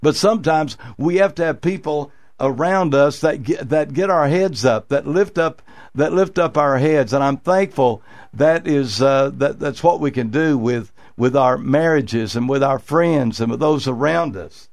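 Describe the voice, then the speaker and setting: A man preaching an earnest sermon as pastor of a radio church, repeating his phrases and pausing on fillers. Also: fairly high pitch.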